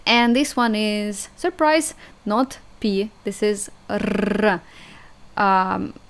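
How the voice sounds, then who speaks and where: A young woman with a Russian accent, a native Russian speaker, teaching an online language lesson in a chatty, hesitant way, repeating sounds slowly and laughing at herself. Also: medium pitch, fairly even intonation, creaky, clear, resonant tone.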